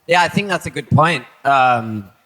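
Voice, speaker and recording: A man speaks calmly in a casual panel discussion. His tone is reflective and easygoing, and his pitch is in the middle of the usual range. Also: a little slow, poor audio. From Australia. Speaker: surfer guest on a panel. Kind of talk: casual chat.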